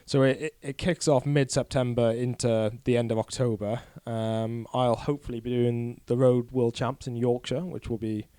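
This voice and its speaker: A man's voice: mid-range voice, fairly even intonation, moderate pace, few pauses, warm tone, smooth, dry recording. A young man, a podcast guest talking candidly and a bit ramblingly, poking fun at himself. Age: 20s. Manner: candid, rambling, self-deprecating. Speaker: guest cyclist. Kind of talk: casual podcast chat.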